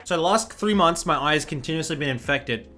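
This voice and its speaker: A man's voice: on the high side, brisk, soft background music. A young man, telling a story to his stream in casual, swearing chat. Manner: swears a lot, animated retelling.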